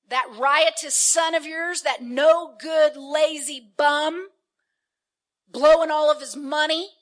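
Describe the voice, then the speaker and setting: Woman preacher doing a loud, resentful elder son, self-righteous and whiny, pitched a bit high. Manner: indignant, complaining, listing his deeds.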